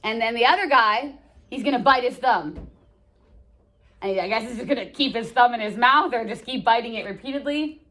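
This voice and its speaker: A woman teaching a high school English lesson in a classroom. She explains the play in a chatty way, full of jokes and slang asides to her students. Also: normal speed, a bit bright.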